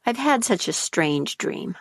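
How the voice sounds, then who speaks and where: A restless young captive princess from a fairy tale, speaking high and pleading, as a woman storyteller puts her on. Her voice swings widely and she speaks slowly. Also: sing-song, heavily acted. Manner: high, pleading, startled cries.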